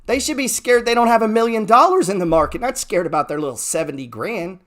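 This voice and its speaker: A man hosting an unscripted stock market show, blunt and profane, repeating phrases for emphasis and swinging between loud bursts and low mutters. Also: animated, fast.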